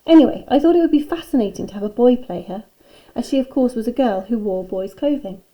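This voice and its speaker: A woman's voice: fairly high pitch, expressive, fast talker, dark tone, natural voice, low-quality recording. A woman reading aloud as a prim, haughty woman teacher who adores everything French, in a children's storybook. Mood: gushing.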